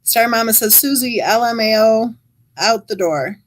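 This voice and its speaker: A woman hosts a true crime channel, reading viewers' live chat comments aloud in a casual way. Her voice sits a bit high and sounds dry and close, with no room echo. She drops wry, chatty remarks between the comments. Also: a little slow.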